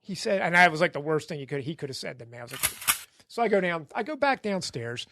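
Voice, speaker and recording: A man who is a podcast guest telling a long story in a casual way. He is animated, acts out the people in his story and laughs often. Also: on the high side, fast talker, background noise.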